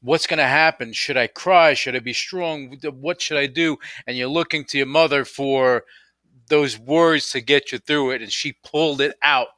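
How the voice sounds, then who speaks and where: Bright, supportive male radio host. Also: medium pitch, moderate pace, no echo. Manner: supportive, emphatic, rhetorical questions. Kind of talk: interview.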